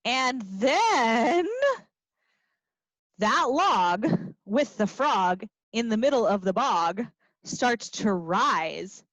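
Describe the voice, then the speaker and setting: A woman teacher reading a picture book and singing to young children in an expressive, playful way, with little gasps and asides. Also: on the high side, very slow, dry recording. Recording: dry, slightly dull lo-fi sound.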